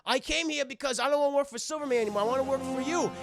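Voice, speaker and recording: A man voicing a thuggish male gangster seeking a deal, talking bluntly and quickly. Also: extremely high pitch, creaky, no echo, studio quality, soft background music, voice pushed up. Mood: pleading.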